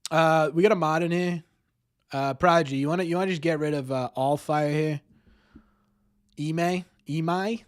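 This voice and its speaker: A man's voice: on the high side, moderate pace, pauses often. A man hosting a live-streamed sports talk show, rambling, repeating words and ending many lines with "right?". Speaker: podcast host.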